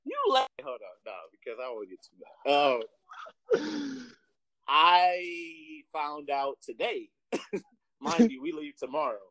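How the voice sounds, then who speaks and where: A man's voice: medium pitch, a little fast, gravelly, dry recording. A man co-hosting a casual podcast, telling a story with lots of laughter. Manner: animated storytelling, laughs often, does voices in anecdotes. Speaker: podcast co-host.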